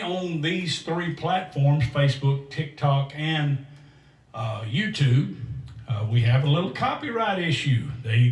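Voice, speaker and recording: A man hosting a gospel country livestream, chatting in a folksy, rambling way and reading out viewers' names while a little excited and sweaty. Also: on the high side. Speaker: host and singer of a gospel country show. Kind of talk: livestream chat between songs. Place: standing up in a room. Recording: roomy echo, distant mic, guitar music.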